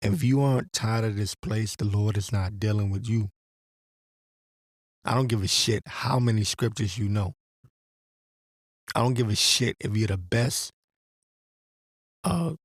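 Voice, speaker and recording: A religious commentator delivers a profane, rambling rant and reads scripture aloud in a ranting monologue. His voice is fairly low, and the sound is clean studio audio with no room sound.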